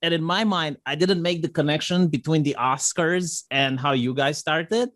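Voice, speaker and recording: A man's voice: fairly high pitch, moderate pace, a bit bright, no room sound, studio quality. A man guesting on a podcast, talking casually and repeating words as he starts his points. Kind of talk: casual chat.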